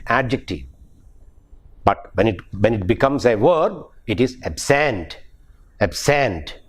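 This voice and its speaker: A man with a Malayali English accent, a professor giving a recorded pronunciation lecture, who repeats and restarts his phrases and spells out example words letter by letter. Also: fairly high pitch. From Kerala, India.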